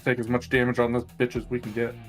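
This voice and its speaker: A man's voice: mid-range voice, completely flat delivery, fast talker, music in the background. A man playing a tabletop game who teases the others bluntly. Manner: blunt, teasing. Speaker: player. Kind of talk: casual tabletop play.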